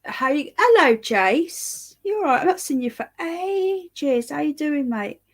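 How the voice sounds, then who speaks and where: A woman's voice: high voice, expressive, takes it slowly. Tired, chatty woman livestreaming. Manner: chatty, rambling, swears casually, greets viewers by name. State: tired and yawning. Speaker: livestream host reading live chat. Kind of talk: casual livestream chat.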